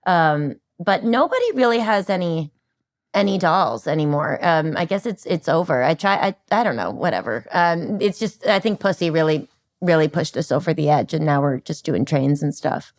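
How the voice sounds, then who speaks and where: A woman in her forties, a podcast guest, telling stories in a lively way, laughing often and acting out other people's voices. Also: deep voice, moderate pace. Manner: animated storyteller, laughs often, acts out voices. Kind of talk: casual chat.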